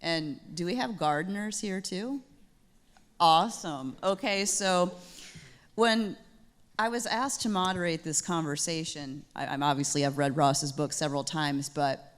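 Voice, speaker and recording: A woman from Michigan moderates a stage conversation in a chatty, easygoing way, laughing and restarting her sentences. Her voice sits very low for a woman. She speaks into a handheld microphone. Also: unhurried. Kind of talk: casual onstage moderation. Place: theater stage.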